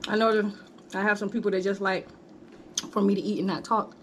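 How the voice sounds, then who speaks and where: A woman's voice: medium pitch, flat delivery, fairly quick, slight background noise. A woman vlogging a mukbang in a casual, chatty way, calling her viewers "honey" and "y'all" between bites. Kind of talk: casual chat while eating.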